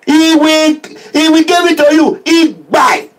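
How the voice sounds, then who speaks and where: A man with a Nigerian accent giving an impassioned social media address as a political activist, animated and preachy, full of proverbs. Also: very high voice, unhurried, noisy background.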